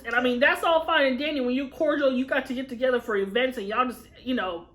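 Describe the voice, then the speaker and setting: A young adult woman co-hosting a food chat, telling stories in a loud, profane, animated way. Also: sits high, fast, hardly any pauses. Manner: animated, profane storytelling with heavy swearing. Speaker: mukbang co-host, daughter. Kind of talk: casual chat.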